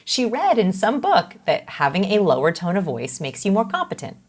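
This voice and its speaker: A middle-aged woman speaking as an interview guest, explaining body language in an animated, conversational way. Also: mid-range voice, moderate pace, husky. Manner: animated, acts out quoted voices.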